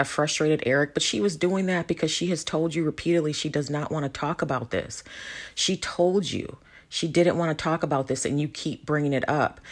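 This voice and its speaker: A reality show commentator giving casual, opinionated commentary and talking straight to the viewers. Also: mid-range voice.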